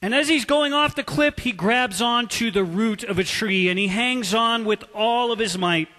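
A man preaching a sermon as a pastor, telling a story with drawn-out emphasis. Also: very high voice, sharp tone. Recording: long hall reverb.

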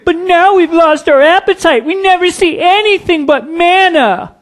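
A man's voice: normal speed, fairly bright tone. A man voicing an ungrateful ancient crowd in a whiny, complaining tone. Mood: whining. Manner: whiny, high and strained.

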